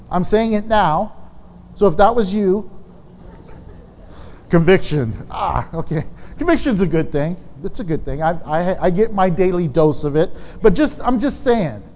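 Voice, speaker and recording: A man with a high-pitched voice preaches a sermon, talking frankly and conversationally, dropping candid asides to his congregation. His voice carries a long reverb, as if it fills a large hall. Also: a little mellow, a little hiss or hum. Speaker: pastor.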